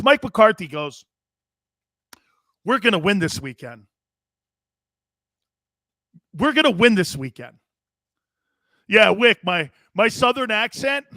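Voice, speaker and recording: A brash middle-aged man hosting a casual sports talk show, ranting loudly and talking straight to his viewers. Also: on the high side, no room sound, clean studio sound. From US Northeast. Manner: brash, loud, talks straight to chat viewers. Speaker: sports radio host.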